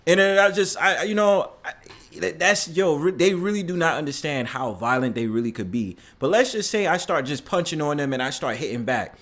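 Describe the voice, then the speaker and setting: Excitable man. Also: on the high side, a little fast. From New York. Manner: excitable storyteller, swearing freely. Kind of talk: casual panel chat.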